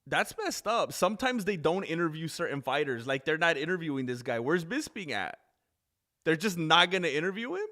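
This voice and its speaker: A man casually commentating a live fight stream, chatty and rambling, quick to get excited. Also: on the high side.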